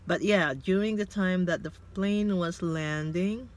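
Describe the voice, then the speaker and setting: Reflective Filipino man telling a story in his car. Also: sits high. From Philippines. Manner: reflective, halting, with many fillers and restarts. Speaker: vlogger. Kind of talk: casual carpool vlog storytelling. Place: parked car.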